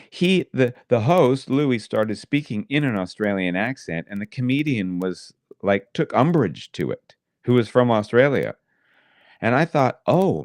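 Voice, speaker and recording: A lower-pitched man co-hosting a podcast, trading dry, teasing banter in casual chat. His voice is recorded close and dry, with no room sound. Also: no echo. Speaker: podcast co-host.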